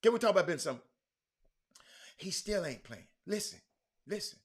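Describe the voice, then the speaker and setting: Loud, lively Houston sports host. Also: male voice, sits high, moderate pace. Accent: Southern US, Houston. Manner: loud, excitable, repeats himself, calls out viewers by name. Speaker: sports talk show host. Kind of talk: animated live-stream sports talk, reading viewer comments.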